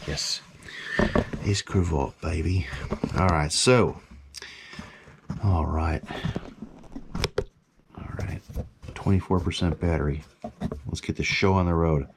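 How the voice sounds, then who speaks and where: A man casually showing off his mask collection, talking excitedly in a rambling way and swearing now and then. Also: low voice, slow pace, pauses often, background noise. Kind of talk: casual show-and-tell vlog.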